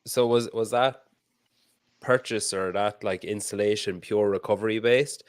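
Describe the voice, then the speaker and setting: A man's voice: lowish voice, steady tone, unhurried, no echo, studio quality. An Irish man hosting a podcast, asking rambling, teasing questions in a casual chat. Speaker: podcast host.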